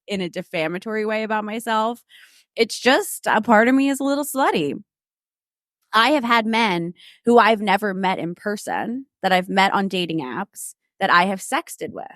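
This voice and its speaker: A woman's voice: mid-range voice, fairly bright tone, no echo. Frank, self-assured woman, dry sound. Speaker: podcast co-host. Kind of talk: casual chat.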